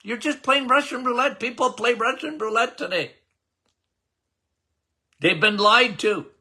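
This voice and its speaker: An older male doctor hosts his health podcast in a casual, folksy way, pressing his points by repeating them. His voice sits fairly high and bright. He speaks slowly and deliberately, leaning on each phrase. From Canada. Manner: emphatic, repetitive, folksy, addresses listeners as guys. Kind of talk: casual health talk to listeners.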